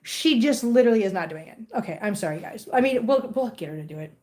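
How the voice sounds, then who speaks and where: A woman's voice: medium pitch, lively intonation, quick pace, a little mellow. A woman hosting a casual livestream at home, baby-talking to her cats and chatting with viewers. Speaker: host of a cat-care livestream.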